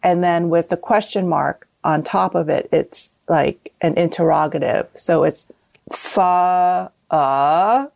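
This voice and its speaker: A woman from Vietnam, a cookbook author guest in a casual interview, explaining things in a relaxed way and laughing often. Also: low voice, measured pace, vocal fry, few pauses, no room sound.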